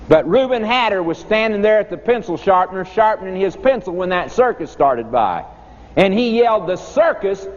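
A man preaching a sermon in a folksy storytelling manner. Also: high voice. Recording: dull lo-fi recording with long reverb and faint noise.

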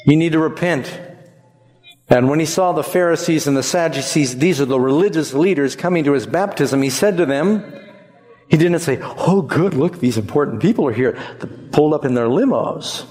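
A man preaching a sermon in an animated way, leading the congregation to repeat lines back to him. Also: on the high side, normal speed, big-room sound.

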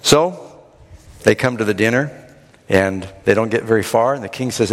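A man preacher giving a sermon, retelling the story in a dramatic, animated way. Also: on the low side, moderate pace, long pauses. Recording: long hall reverb.

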